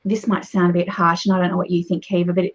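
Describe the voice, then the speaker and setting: A woman with a husky, breathy voice speaks in a lively, conversational way. Her pace and loudness change often to make her points. The sound is muffled and lo-fi. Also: fairly low pitch, fast talker. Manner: animated storyteller, lively shifts in pace and loudness. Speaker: guest, presentation coach. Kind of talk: conversational advice. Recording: dull, muffled lo-fi audio.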